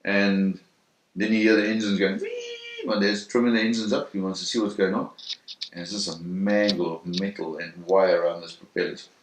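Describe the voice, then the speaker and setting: A man in an interview telling a first-hand story in a vivid, animated way, acting out the sounds and voices. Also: sits low, brisk, slight background noise. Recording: roomy echo.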